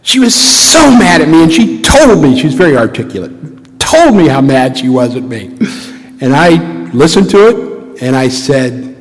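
Middle-aged pastor, a man with a slightly high voice, earnest and reflective, heard in a church with long reverb. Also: sing-song, a little slow, husky. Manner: earnest, reflective storytelling with rhetorical questions. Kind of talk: sermon. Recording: long reverb of a large hall.

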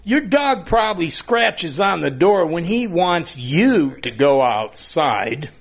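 Man voicing giggly jeering clinic staff, high teasing sing-song, very lively. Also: slow pace, exaggerated voice.

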